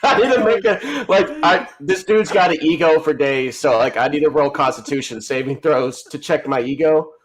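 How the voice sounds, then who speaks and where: A man's voice: fairly high pitch, normal speed, few pauses. Chatty male tabletop player. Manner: laughing, animated, chatty. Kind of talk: casual tabletop play.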